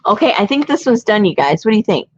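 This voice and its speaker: A woman's voice: medium pitch, big pitch swings, fast, breathy edge, muffled recording. A woman hosting a crafting video, chatting casually as she works and laughing often. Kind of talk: casual chat while collaging.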